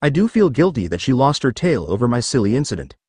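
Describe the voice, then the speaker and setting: A man's voice: medium pitch, very animated, quick pace, a little mellow, breathy edge, dry recording. A man voicing a flamboyant, chatty male sea serpent who gushes and rambles in a storybook reading. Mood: gushing.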